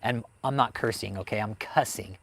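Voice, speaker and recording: A man's voice: lowish voice, moderate pace, creaky, fairly bright tone. Cussing man ranting on a livestream. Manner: heated, swears constantly, talks straight to chat viewers. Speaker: host of a livestream on cults. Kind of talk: profane livestream rant, reading chat.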